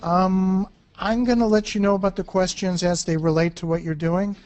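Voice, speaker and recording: A man co-hosting a live webinar, stepping in with a relaxed, encouraging aside to the presenter. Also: sits high, normal speed, muffled recording. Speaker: webinar co-host. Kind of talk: casual aside on a live call.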